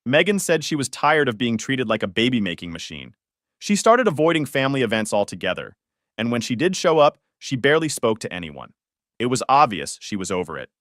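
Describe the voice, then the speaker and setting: A man's voice: mid-range voice, sing-song, fairly quick, fairly bright tone, dry recording, studio quality. A man narrating a first-person story in a conversational way, with wry, sarcastic asides.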